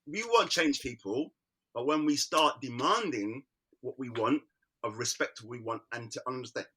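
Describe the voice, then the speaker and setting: A man's voice: medium pitch, moderate pace, pushed and bright, slightly rough. A man, an artist, talking candidly as an interview guest, emphatic, repeating words and restarting his sentences.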